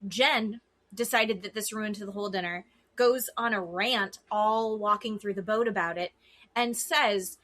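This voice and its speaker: A woman co-hosting a podcast recaps a reality show, speaking casually and bluntly and swearing freely. Her mid-range voice is fairly bright and a little slow.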